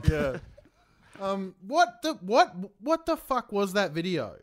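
A man's voice: high-pitched, very animated, slow pace. Joking man on a video call. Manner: joking, crude. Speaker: podcast guest. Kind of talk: casual comedy podcast chat.

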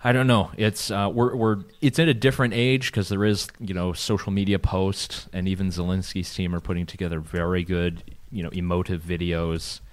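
Low-voiced and flat in delivery, a man co-hosts a podcast from Vienna, Austria, speaking at a moderate pace with few pauses. He keeps it a casual conversation, leaning on fillers and restarts and laughing frequently.

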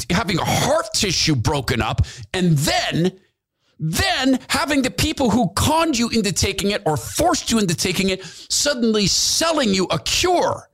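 A podcast host delivers fervent, repetitive, preachy political commentary into a studio mic. His voice sits high and is a bit bright.

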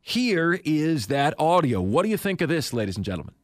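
A man's voice: on the high side, big pitch swings, brisk, no echo. A male sports talk radio host with a somewhat raised voice, delivering a confident, emphatic monologue into a studio mic. The sound is dry and close, with no room around it.

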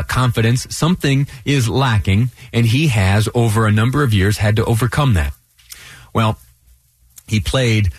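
Halting earnest male radio host. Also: on the low side, dry recording. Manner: earnest, halting, with restarts and fillers. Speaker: radio talk show host. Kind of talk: radio talk commentary.

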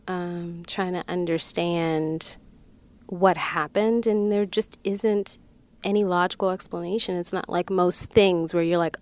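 Slow, clear-voiced reflective woman. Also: fairly low pitch, steady tone. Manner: slow, measured, emotional recollection. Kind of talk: reflective personal sharing.

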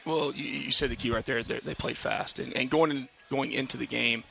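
Man, football coach, very gravelly, bright halting voice, on air from a patio. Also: medium pitch, a little hiss or hum. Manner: halting, many fillers and restarts, animated when telling stories. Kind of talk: casual radio interview. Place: outdoor brewery patio at a live radio show.

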